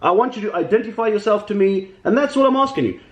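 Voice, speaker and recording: Fast, taunting man on the phone. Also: sits high, expressive, crowd noise. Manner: taunting, repetitive, insulting. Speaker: caller arguing with a bailiff. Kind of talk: heated phone argument. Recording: echoey, dull recorded phone call.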